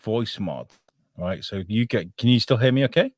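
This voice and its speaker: A man's voice: lowish voice, lively intonation, normal speed, darkish tone, dry recording, clean studio sound. A man hosting a podcast pre-show, chatting casually, joking crudely and fumbling through his audio setup. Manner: hesitant while sorting out his audio setup. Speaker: podcast host.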